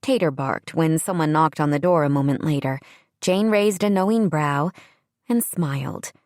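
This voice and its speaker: Low-voiced woman audiobook narrator. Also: normal speed, darkish tone, dry recording, studio quality. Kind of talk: scripted narration. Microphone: studio microphone, close.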